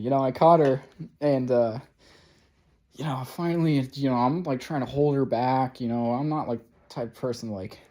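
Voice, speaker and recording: Rambling, profane man with a mellow voice. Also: mid-range voice. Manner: rambling, profane, heavy on fillers. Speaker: vlogger. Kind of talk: casual storytelling monologue.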